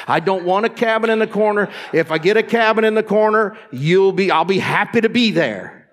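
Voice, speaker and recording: A man preaches in a church with a voice that sits a bit higher than most men's. He speaks straight to the congregation and keeps asking them to answer him. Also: moderate pace, hardly any pauses, a bit bright. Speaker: pastor. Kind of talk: sermon. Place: church sanctuary.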